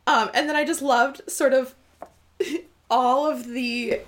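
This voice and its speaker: A woman's voice: sits high, fairly even intonation, slow. A woman co-hosting a casual book discussion, giggly and enthusiastic as she goes through her notes. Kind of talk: casual chat.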